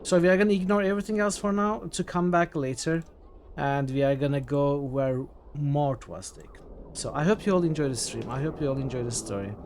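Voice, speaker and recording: A man's voice: a little high, a little fast, a little mellow, slight background noise. Chatty man streaming a game. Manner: chatty, reads game text aloud, greets chat. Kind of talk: casual game livestream commentary.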